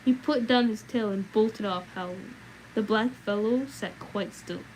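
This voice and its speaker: Stubborn hobbit farmer, plain country storyteller, woman reading the part, mid-pitched, storybook read-aloud. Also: measured pace, darkish tone, a little hiss or hum, lightly acted, rough recording. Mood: wary. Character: stubborn middle-aged male hobbit farmer.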